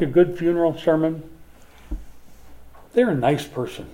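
A man from Minnesota preaching a sermon as a pastor, emphatic and swinging from forceful lines to hushed ones. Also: a little high, measured pace. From Minnesota, USA.

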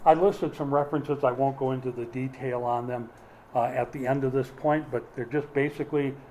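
A man's voice: medium pitch, fairly even intonation, brisk, a little mellow, a little hiss or hum, low-quality recording. A man preaching a sermon, emphatic, with dry humorous asides. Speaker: pastor.

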